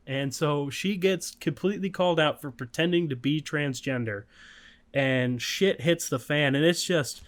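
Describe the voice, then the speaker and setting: A man's voice: on the high side, unhurried. Rambling, profane podcast co-host man. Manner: rambling, profane, laughing storyteller. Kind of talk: casual podcast chat.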